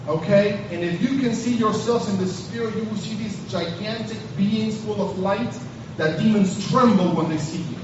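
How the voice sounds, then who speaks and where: Male preacher, sermon, animated storytelling, very echoey hall, dull distant recording. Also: high voice, a little hiss or hum. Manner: animated storytelling, acts out scenes.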